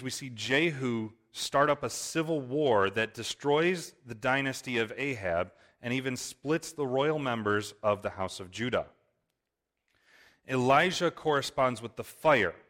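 A man's voice: mid-range voice, a bit bright. A man reading Bible verses aloud and explaining them, often checking in with "right?". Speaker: Bible teacher. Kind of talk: Bible study teaching.

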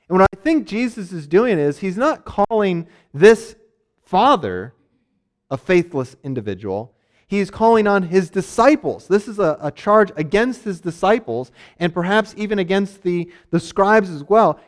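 A man preaching a sermon on a Bible passage, conversational, acting out the characters in quick asides. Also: high voice, lively intonation. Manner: frequent fillers and restarts, laughs lightly.

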